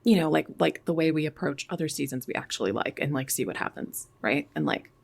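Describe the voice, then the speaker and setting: A woman's voice: low-pitched, a little fast, gravelly. A woman co-hosting a podcast in casual chat, laid-back and rambling with lots of fillers. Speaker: podcast co-host.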